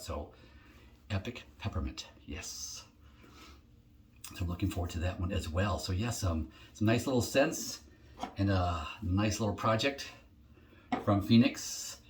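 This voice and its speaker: A middle-aged man with a very low, deep voice talks through an unboxing in a relaxed vlog. He rambles and thinks aloud, often pausing on an um before carrying on. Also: a little hiss or hum. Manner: rambling, chatty, thinks aloud with many ums. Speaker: shaving vlogger.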